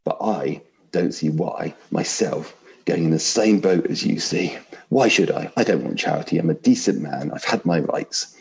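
A man's voice: low-pitched, lively intonation, normal speed, vocal fry. A man reading aloud and voicing a big, aggrieved male ghost who insists on his rights. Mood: resentful. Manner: indignant, complaining.

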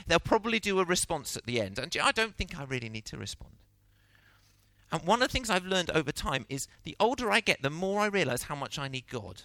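A middle-aged man preaching a sermon, telling the story with lively acted-out voices. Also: a little high, a little fast, no room sound. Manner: animated storytelling, acting out quotes.

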